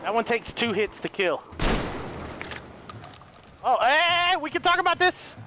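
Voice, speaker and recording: Excitable high-voiced gaming host. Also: male voice, measured pace, background noise. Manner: excitable, yelps and talks to enemies. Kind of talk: casual gameplay commentary. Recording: voice over loud game audio. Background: game sound effects.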